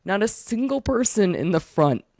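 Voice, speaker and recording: A woman chatting casually on a podcast, telling an animated story and swearing freely. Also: medium pitch, moderate pace, no room sound, clean studio sound. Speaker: podcast guest. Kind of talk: casual chat.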